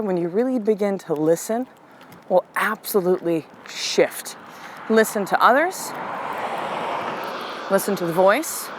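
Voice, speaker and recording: A middle-aged woman with a fairly low voice tells a personal story as a podcast host. She talks candidly and with feeling, easing into soft, slow affirmations. A faint hum sits under the recording. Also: low-quality recording. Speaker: podcast host and life coach.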